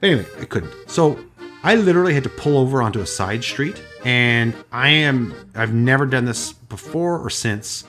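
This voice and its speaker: A man's voice: medium pitch, normal speed, faint music behind. Canadian man telling a story. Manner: animated, self-deprecating storyteller. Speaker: podcast host. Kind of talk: casual storytelling chat.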